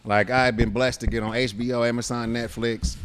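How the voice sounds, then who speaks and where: An American man with a mid-range voice chats as a guest on a podcast. He tells animated stories, swears freely and slips into voices for the people in them. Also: medium pitch, brisk, a little hiss or hum. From United States. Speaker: podcast guest, comedian and actor. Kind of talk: casual interview chat.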